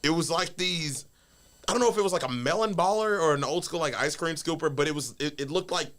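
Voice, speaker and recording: Animated storytelling man, casual podcast. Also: on the high side, a little fast. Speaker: wrestler guest.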